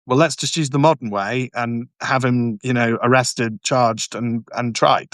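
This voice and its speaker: A man at a middle pitch holds forth on a live stream, emphatic and mocking, tripping over his words and restarting as he goes. The sound is dry and close, with no room around it. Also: fairly even intonation, measured pace, no room sound. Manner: emphatic, repetitive, stumbles and restarts often; mocking, sarcastic asides. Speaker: barrister hosting a live stream. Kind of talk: live stream talk answering viewer comments.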